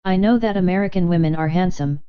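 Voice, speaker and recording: A woman voicing a charming, ingratiating male nobleman with a caressing, flattering way of speaking, in an audiobook. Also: on the low side, fast, clean tone, dull audio, lightly acted. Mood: probing.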